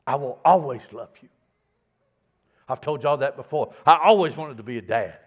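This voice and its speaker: A middle-aged man preaching a sermon in a folksy, stammering way, dropping to a hush and then building loud. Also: mid-range voice, expressive, normal speed, slightly rough. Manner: folksy, repeats words, swings from hushed to loud. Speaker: pastor.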